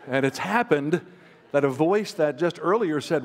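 A man's voice: fairly high pitch, animated, a little slow. Man telling stories in a conference talk. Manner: storytelling, self-deprecating humor; conversational, with fillers and restarts. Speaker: Christian author and counselor speaking at a conference. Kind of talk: anecdotal teaching talk. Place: large hall with a live audience.

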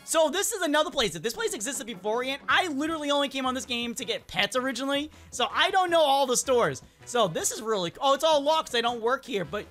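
Woman, gaming YouTuber, excitable, chatty, high voice, bright tone. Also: fast, hardly any pauses, faint music behind. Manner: excitable, chatty, talks to the game characters. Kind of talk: let's-play commentary.

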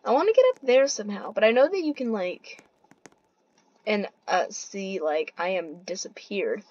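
A young woman giving casual gameplay commentary, excitable and giggly, swinging between panic and glee. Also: medium pitch, normal speed, highs cut off.

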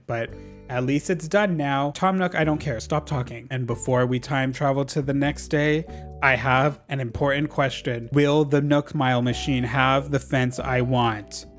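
A young man giving sassy, dramatic commentary over his gameplay and talking back to the characters on screen. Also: mid-range voice. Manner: sassy, dramatic, quick asides to the game characters. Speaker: gaming YouTuber.

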